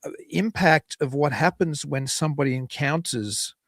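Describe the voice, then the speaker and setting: A man's voice: on the high side, normal speed, fairly bright tone, dry recording. A man hosting a podcast interview over a video call, talking in a rambling way with dry humor. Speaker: podcast host.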